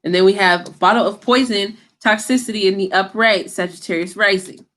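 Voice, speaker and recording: A woman's voice: medium pitch, steady tone, fairly quick, a bit bright. A woman giving a casual tarot reading to camera, talking in a blunt, slangy, scolding way and swearing freely. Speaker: tarot reader.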